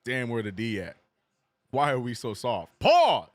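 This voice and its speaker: A man streaming a live basketball watch-along, calling plays and reading chat with animated, joking frustration. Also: medium pitch, moderate pace, no echo. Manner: animated, joking, reads chat messages aloud; frustrated fan venting and cursing.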